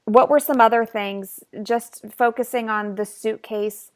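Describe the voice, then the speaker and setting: A woman's voice: fairly high pitch, steady tone, a little slow. A woman hosting a podcast, upbeat and explaining practical tips to her listeners. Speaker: podcast host. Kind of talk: casual podcast interview.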